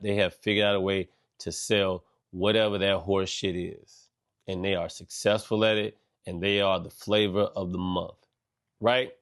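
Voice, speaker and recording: A middle-aged man hosting a podcast, delivering a loose, animated monologue full of slang and swearing. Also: on the low side. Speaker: podcast host. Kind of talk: casual monologue.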